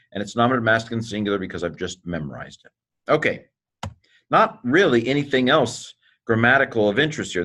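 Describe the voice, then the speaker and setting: A man teaching a recorded lesson in an informal, joking way, clearing his throat often. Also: on the low side, a bit bright. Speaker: Greek teacher.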